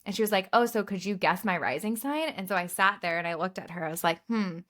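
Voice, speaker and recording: Young adult woman, podcast co-host, mid-pitched, relaxed, rambling with fillers, laughs at her own stories. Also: quick pace. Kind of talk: casual chat.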